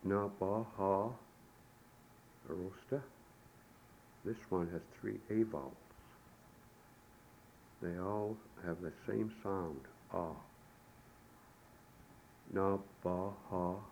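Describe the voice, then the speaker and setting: A man giving a recorded language lesson, saying the sounds slowly and deliberately, one syllable at a time. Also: low voice, vocal fry, dark tone, low-quality recording. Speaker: language teacher. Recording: old tape recording with faint hiss.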